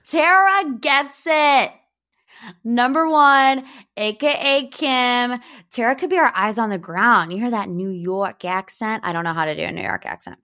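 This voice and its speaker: A young woman from Northeast Ohio hosting a pop culture gossip podcast, chatty and animated. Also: on the high side, a little slow. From Northeast Ohio, United States. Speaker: podcast host.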